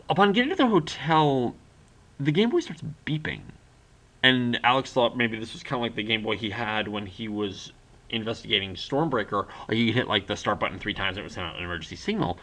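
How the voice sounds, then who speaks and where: A man's voice: fairly low pitch, pushed and bright. A young man casually retelling a book's plot for a review, rambling with lots of "like" and acting out the characters' lines. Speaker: book reviewer.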